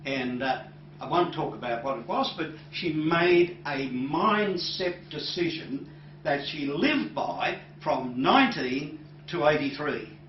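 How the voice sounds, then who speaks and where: Man, hypnotherapist, lecture anecdote, pauses often, quiet quoted lines, dull distant roomy recording. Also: on the high side, animated, a little hiss or hum. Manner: unhurried storytelling with many "uh" pauses. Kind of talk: recounting a client case to an audience.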